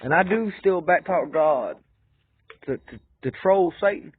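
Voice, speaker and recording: A man rambling through a fervent, repetitive monologue, swinging between loud insistence and low muttering. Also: expressive, a little slow. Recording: tinny phone-like dry recording.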